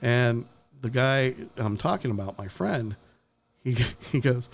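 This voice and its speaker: A man's voice: mid-range voice, expressive, takes it slowly, creaky. Guy hosting a podcast, blunt and sweary, laughs a lot, middling voice. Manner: blunt and profane, with frequent chuckles. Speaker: podcast host. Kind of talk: casual opinion talk.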